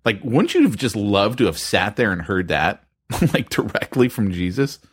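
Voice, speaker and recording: A man's voice: on the low side, sing-song, normal speed, slightly rough. A man co-hosting a church planting podcast, talking casually and rambling with lots of fillers. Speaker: podcast co-host.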